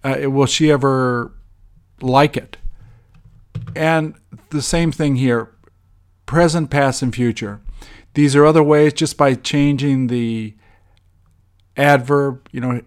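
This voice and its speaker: A man teaching English grammar, walking through example sentences in a measured way with frequent ums. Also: medium pitch, fairly even intonation, smooth.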